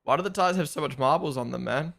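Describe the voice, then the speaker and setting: A young man live-streaming his reactions to a race broadcast, excitable and quick to repeat himself. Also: on the high side, vocal fry, over music.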